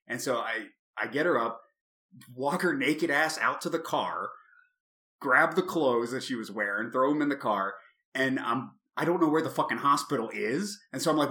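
A man in his thirties tells a story in casual chat, swearing freely and leaping into shouts as he replays the scene. His voice is bright and forceful, with a middling pitch. The sound is roomy and echoey. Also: moderate pace. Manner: animated, profane, swings to shouting in retold moments. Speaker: podcast co-host.

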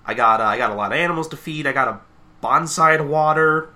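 A man's voice: fairly high pitch, quick pace, pushed and bright, voice pushed up. A man voicing a timid female pony who makes excuses, in a hesitant and rambling way. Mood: flustered.

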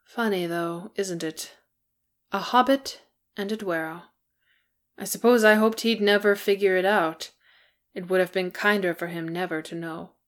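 A woman's voice: mid-range voice, a little slow, lightly acted. Woman reading a sad pipe-smoking dwarf. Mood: wistful. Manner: wistful, sad.

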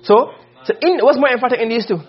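This Arabic rhetoric teacher fires questions at his students during a lecture and keeps repeating himself while explaining. He has a very high, husky voice and talks fast. The highs are cut off in the recording.

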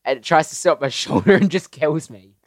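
A man's voice: on the high side, brisk. A young man co-hosting a casual podcast chat, rambling through silly jokes and laughing often. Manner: rambling, jokey, giggly. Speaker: podcast co-host. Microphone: podcast microphone.

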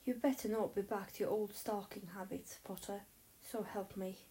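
A woman doing a proud, sullen teenage boy in a storybook, snarling his words low and short. The voice is mellow and warm underneath the terse delivery. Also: steady tone, normal speed, lightly acted.

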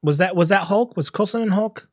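A man co-hosts a relaxed movie podcast and acts out his own reactions as he goes. His voice sits a bit high, and it is recorded dry with no room sound. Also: brisk, dry recording. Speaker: podcast co-host. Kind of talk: casual chat.

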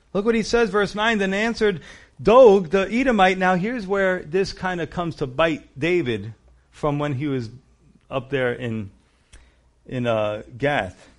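A man preaching a sermon, reading scripture aloud and breaking off into animated asides to his listeners. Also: high-pitched. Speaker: pastor.

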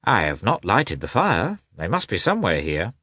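A man's voice: low-pitched, huge pitch swings, moderate pace, pushed and bright, husky, no echo, studio quality, exaggerated voice. A man voicing a hungover, playful young male officer with a whiny, lazy, teasing manner.

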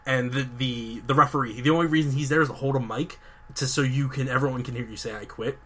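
A young man hosting a podcast, telling a long story with excitement, lots of fillers and restarts. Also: mid-range voice, fast talker. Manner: enthusiastic, rambling storytelling with many fillers and restarts. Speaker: podcast host. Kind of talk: casual chat.

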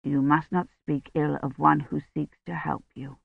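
A woman voicing a gentle, devout male village priest who speaks in a low, hushed, grave way and turns stern when roused, in a dull lo-fi recording. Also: fairly even intonation, unhurried, vocal fry, husky, dry recording, full character voice.

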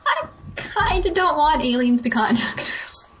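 A woman's voice: high voice, animated, a little slow, fairly bright tone, highs cut off. A woman chatting casually on a podcast, enthusiastic and rambling, with lots of filler words. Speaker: podcast co-host. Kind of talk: casual chat.

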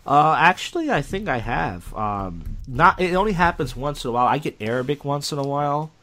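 A young man co-hosting a podcast in casual chat, rambling and halting with many restarts and fillers. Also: a little high, big pitch swings, fairly bright tone. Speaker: podcast co-host.

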